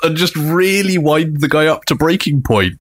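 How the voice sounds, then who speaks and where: Speaking at a moderate pace in a slightly high voice, this male co-host recounts a story in a casual, animated way, performing quoted lines with big voices.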